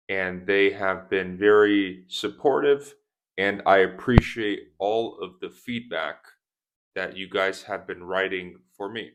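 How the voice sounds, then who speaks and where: Very slow, low-voiced male English teacher. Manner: repeats words for pronunciation practice. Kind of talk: slow, deliberate teaching talk. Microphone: speaking to camera at a desk.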